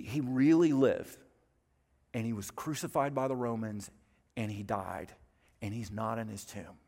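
A man's voice: mid-range voice, creaky, darkish tone. A man preaching from the pulpit, earnest and emphatic, leaning on repeated phrases to build his point. His voice sits in a middle range and rings out with long reverb across a large church sanctuary. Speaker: pastor. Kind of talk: sermon.

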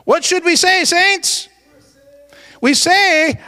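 A man's voice: very high voice, lively intonation, unhurried, sharp tone, big-room sound. A man preaching a sermon as pastor, emphatic and exclamatory.

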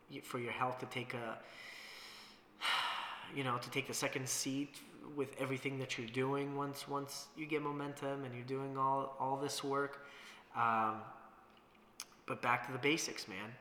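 Bright-voiced man rambling in an echoey room. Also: medium pitch. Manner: rambling, reflective, swears freely, many fillers. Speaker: podcast host. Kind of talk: casual solo podcast monologue. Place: room in Las Vegas. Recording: roomy reverberant room with faint background hiss.

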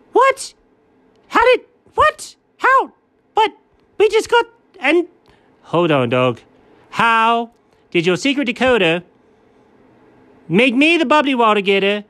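A man voicing an excitable, high-pitched male cat in a comedy skit, squeaky and indignant. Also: no room sound, heavily acted. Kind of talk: comedic character voice.

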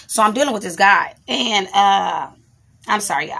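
In a mid-range, animated voice that's a little fast, creaky, fairly bright, and breathy at the edges, a woman vlogger tells a personal story. Her storytime monologue is candid, rambling, and profane, and she occasionally breaks off to scold her child.

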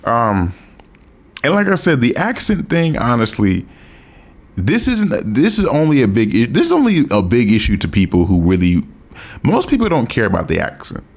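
A man's voice: medium pitch, huge pitch swings, moderate pace. An American man hosting a podcast, talking casually and bluntly on his own and swearing freely. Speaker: podcast host. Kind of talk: casual solo podcast talk.

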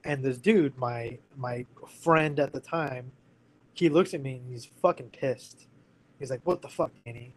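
A candid, earnest man in his thirties tells a personal story as a guest, speaking loosely and conversationally with lots of fillers like "like" and "you know." His voice is medium-pitched and a little slow, and the audio is poor.

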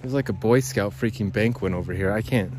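A podcast host with a lowish, darkish voice talks fairly quickly while walking outdoors by a creek, with slight background noise. His monologue rambles and is full of swearing, and he addresses his listeners as "guys."

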